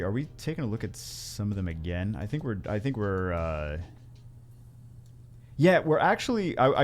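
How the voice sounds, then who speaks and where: A man's voice: lowish voice, a little mellow. A man hosting a gaming video, rambling through casual gameplay commentary with wry asides and frequent self-corrections.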